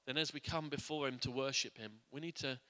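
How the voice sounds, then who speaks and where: A man preaching a sermon to a congregation. He speaks earnestly, often restarting or repeating words, and drops quiet and soft on his reflective points. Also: medium pitch, fairly even intonation, fairly quick, clean tone. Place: church. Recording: long church hall reverb.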